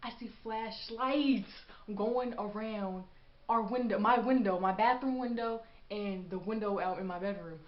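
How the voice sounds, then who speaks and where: A young woman vlogger telling a storytime story, rambling and animated with lots of fillers, in an echoey room with dull lo-fi sound. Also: mid-range voice, measured pace. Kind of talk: storytime vlog.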